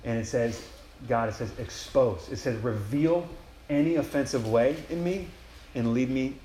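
A man's voice: mid-range voice, moderate pace, warm tone, slight background noise. A young man giving a casual, enthusiastic retreat sermon, acting out inner prayers as he goes. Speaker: campus ministry speaker. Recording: echoey room with faint ambience.

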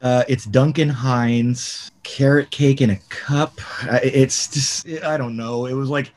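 A man's voice: mid-range voice, fairly even intonation, a little slow, a little mellow. A man co-hosting a casual podcast, laid-back and joking as he tells his stories. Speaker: podcast co-host. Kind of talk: casual chat.

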